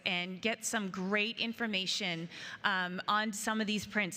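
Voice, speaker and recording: A woman's voice: mid-range voice, sharp tone. A woman hosting a live awards event at a convention, chatty and calling the crowd "guys". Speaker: event host. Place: large convention hall. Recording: long reverb of a large hall.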